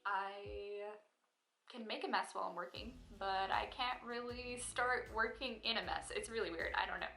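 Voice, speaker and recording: A woman's voice: mid-range voice, moderate pace, creaky, pushed and bright. A young woman chatting expressively and playfully as she answers questions in a casual Q&A vlog. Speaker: vlogger. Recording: echoey room with faint music.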